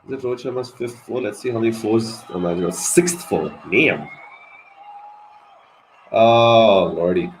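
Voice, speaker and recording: A man giving live ball-by-ball cricket commentary on a watch-along stream, excitable and swearing at big moments. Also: fairly low pitch, a little slow, pauses often, slight background noise, low-quality recording. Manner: excitable, swears, animated reactions.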